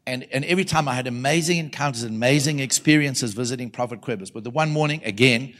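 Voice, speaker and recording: A man with a South African accent preaches a conference sermon in a mid-pitched voice. He talks to the crowd in a conversational way, sinking to quiet, slow phrases and then swelling loud as he calls for answers. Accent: South African English. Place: conference hall before an audience.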